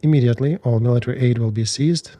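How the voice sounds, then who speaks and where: A man discussing war news in a measured, analytical way, speaking bluntly. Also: mid-range voice, dull audio.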